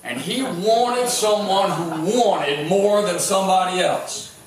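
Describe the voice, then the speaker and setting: A man's voice: high voice, slow. Man preaching a sermon in an echoey sanctuary. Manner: storytelling with sports anecdotes, many restarts. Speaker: pastor. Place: church sanctuary. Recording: echoey church hall, mic at a distance.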